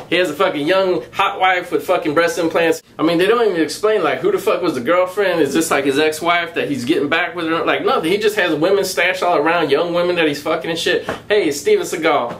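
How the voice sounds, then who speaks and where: A man giving a casual, profanity-laden movie review, recounting the plot in a crude, mocking, animated way and laughing along. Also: a little high, a little fast, a little hiss or hum.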